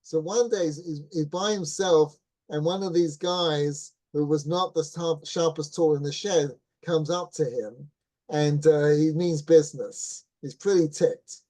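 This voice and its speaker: Teaching a Torah class, a middle-aged rabbi relates an anecdote in a relaxed way, restarting as he goes. His voice sits on the high side at a measured pace, and he regularly checks in with "right?" and "you follow?"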